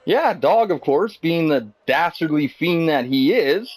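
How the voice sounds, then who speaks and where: A man's voice: a little high, expressive, a little slow, rough recording. A man doing jokey, rambling commentary over a video game wrestling match, teasing his co-hosts. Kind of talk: jokey role-play commentary.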